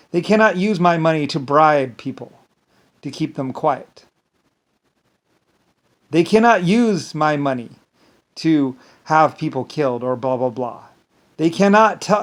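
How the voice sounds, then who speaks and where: Man ranting and rambling. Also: mid-range voice. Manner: angry, rambling, repeats "blah, blah" and swears; stumbles and restarts words. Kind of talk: monologue rant to camera.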